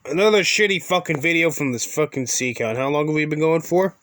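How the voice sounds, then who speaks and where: A man's voice: fairly high pitch, expressive, brisk, a bit bright, no room sound. Sarcastic man, dry close voice. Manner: sarcastic, crude, insulting. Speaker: commentator reacting to a video. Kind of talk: mocking commentary.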